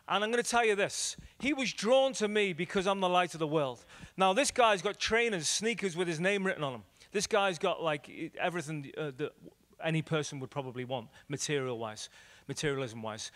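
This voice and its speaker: An Irish man preaches in a slightly high voice, his delivery animated and full of repetition, swinging from soft asides to loud pushes. His voice rings with a long hall reverb, as if in a church. He talks like an evangelist training a congregation. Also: fairly quick. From Ireland. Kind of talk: evangelistic teaching talk with storytelling.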